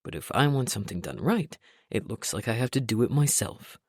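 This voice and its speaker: A woman voicing a short-tempered male billionaire boss who talks in a clipped, rough way. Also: very deep voice, very animated, fairly quick, dry recording, clean studio sound, voice pushed down, full character voice. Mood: angry.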